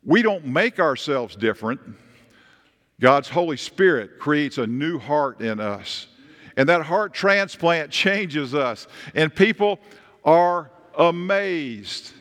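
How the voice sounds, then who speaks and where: A man's voice: fairly high pitch, takes it slowly, long reverb tail. A man preaching a sermon as pastor, telling stories and driving points home with emphatic rises. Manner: animated, with emphatic rises and storytelling asides.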